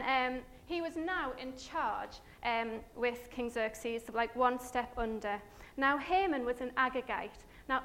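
A woman giving a chatty, animated Bible story talk with slides, full of fillers and asides to her listeners. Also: high voice.

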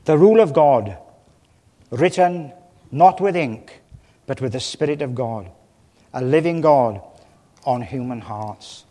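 A man preaching a sermon from a church pulpit, impassioned, with his voice swelling loud and then dropping low. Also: animated, slow, long pauses. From Wales. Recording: long reverb of a large hall.

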